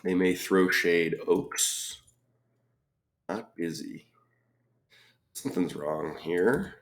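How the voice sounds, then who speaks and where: A man solving a crossword puzzle aloud, reading clues and thinking out loud with frequent ums and muttered asides. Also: low voice, slow pace. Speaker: crossword reviewer.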